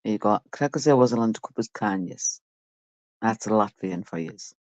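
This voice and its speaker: A woman's voice: a bass voice, expressive, moderate pace, darkish tone, no echo. A woman talking casually and bluntly to her live-stream viewers, swearing freely.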